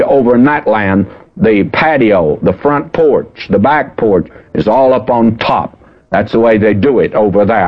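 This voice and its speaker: An older man preaching a folksy, emphatic radio Bible teaching, slowing down to stress the scripture he quotes. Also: medium pitch. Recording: dull old radio broadcast.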